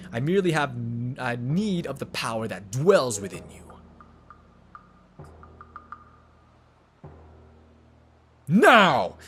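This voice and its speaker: A man voicing a menacing male demon king sorcerer in a video game, speaking slowly and solemnly. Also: mid-range voice, a bit bright, slight background noise. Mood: commanding. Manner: slow, solemn, theatrical delivery.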